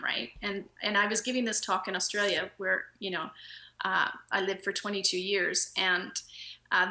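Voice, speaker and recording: Bright-voiced woman telling stories. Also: mid-range voice. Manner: storytelling, laughs often, acts out quoted dialogue. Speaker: podcast guest, nutritionist. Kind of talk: casual interview storytelling. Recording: roomy echo.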